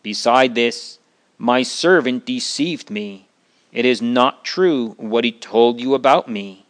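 A meek, gentle man with a crippled body answers calmly and without bitterness, voiced by a male storyteller. His words come slowly and softly in a read-aloud Bible story. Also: medium pitch, close to an everyday voice. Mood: humble.

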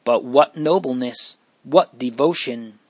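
A man's voice: medium pitch, slow pace, dry recording. A man reading the lines of a proud, defiant fourteen-year-old countess in a storybook, telling her tale boldly. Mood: proud, spirited. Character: proud defiant teenage countess, spirited girl.

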